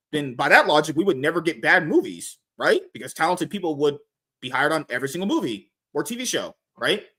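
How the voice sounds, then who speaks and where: Animated ranting young man. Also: a little high. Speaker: podcast host. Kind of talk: casual podcast rant.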